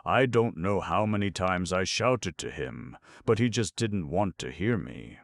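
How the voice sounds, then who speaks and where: A man voicing a screeching, boastful male jay who is quick to defend himself in a storybook reading. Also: lively intonation, gravelly, dry recording, full character voice. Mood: defensive. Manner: shrill and defensive.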